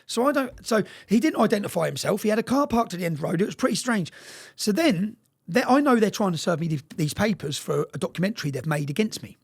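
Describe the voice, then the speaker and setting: A man telling a story in an interview, talking fast, swearing and repeating words, often asking "yeah?". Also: high voice, lively intonation, vocal fry, breathy edge. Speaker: interview guest.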